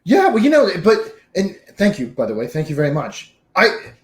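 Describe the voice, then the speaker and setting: A man's voice: high-pitched, wildly swooping pitch, normal speed, reverberant. A man co-hosting a podcast, telling stories in a laid-back casual chat full of slang. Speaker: podcast co-host.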